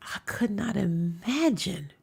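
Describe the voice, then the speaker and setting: A woman hosting a live stream, telling a story with emphasis and sometimes dropping into hushed whispers. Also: medium pitch, lively intonation, takes it slowly, gravelly, slightly rough. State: coughing at times. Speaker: stream host reacting to videos. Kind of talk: casual storytelling commentary.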